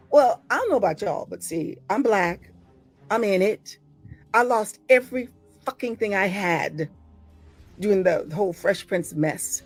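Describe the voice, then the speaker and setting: An older American actress giving a blunt, profane, impassioned monologue to her followers, swinging from low murmurs to loud exclamations. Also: no room sound. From United States.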